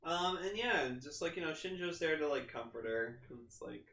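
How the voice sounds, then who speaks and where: A man's voice: on the high side, animated, fairly quick, a bit bright. A man co-hosting a podcast in casual chat, rambling with constant "like"s and casual swearing. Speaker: podcast co-host. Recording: echoey room.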